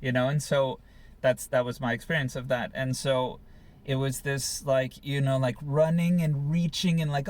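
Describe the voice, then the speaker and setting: A man's voice: mid-range voice, level tone, normal speed, a little mellow. A man in a candid couple conversation, thinking aloud in a reflective, searching way. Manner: reflective, searching, many fillers. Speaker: co-host.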